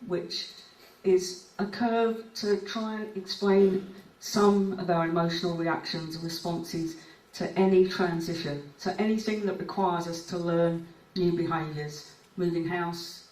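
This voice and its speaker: A woman's voice: on the low side, steady tone, measured pace, a little mellow. Woman clinician giving a conference talk, chatty, voice sounds far off with lots of room echo. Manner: conversational, recounts cases and reads out clients' words. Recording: echoey hall picked up from afar.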